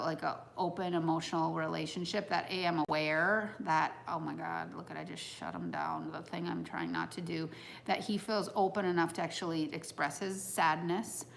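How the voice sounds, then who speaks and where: A woman's voice: on the low side, steady tone, normal speed, creaky, a little hiss or hum. A woman in her thirties giving a casual, reflective talk to an audience on personal growth, earnest and heartfelt as she muses aloud.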